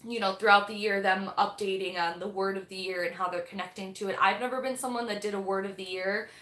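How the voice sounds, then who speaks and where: A woman's voice: medium pitch, fairly even intonation, quick pace, fairly bright tone. A young woman hosting a casual live-stream book club, rambling and chatty with lots of fillers. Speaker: livestream host of a book club. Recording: echoey room.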